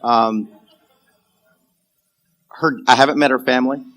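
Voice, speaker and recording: A man with a bright, forceful voice preaches from a church pulpit, telling a story from his own life. He talks casually, with plenty of ums, and acts out the people in his tale. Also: medium pitch, unhurried. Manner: animated storyteller, acts out characters, laughs often. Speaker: pastor. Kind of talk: sermon storytelling. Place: church sanctuary.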